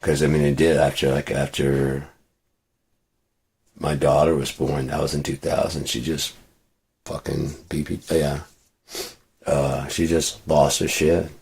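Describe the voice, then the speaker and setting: Very deep, gravelly man venting. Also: level tone, a little slow, long pauses, darkish tone. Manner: rambling, profane, restarts often. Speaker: vlogger. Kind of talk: casual venting monologue.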